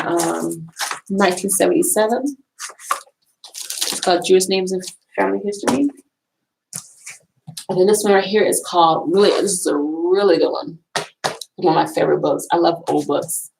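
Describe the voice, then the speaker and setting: A woman talks casually in a college library, chatty and rambling, often repeating herself. Her voice sits a little low and has a gravelly edge. A faint hiss runs under the recording. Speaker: vlogger. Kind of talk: casual talk showing books.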